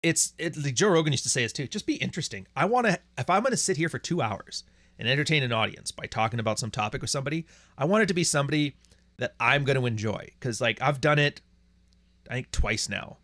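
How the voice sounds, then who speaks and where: A man's voice: mid-range voice, expressive, fast talker, fairly bright tone, no room sound. A man hosting a livestream who rants bluntly and crudely and reads out viewer chats. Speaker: livestream host. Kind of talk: profane livestream rant.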